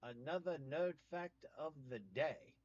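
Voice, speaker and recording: A man's voice: fairly high pitch, animated, unhurried, a little mellow, no room sound. A man from the American South who hosts a casual livestream, joking, trading puns and greeting viewers by name. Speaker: livestream host. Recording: slightly muffled dry mic.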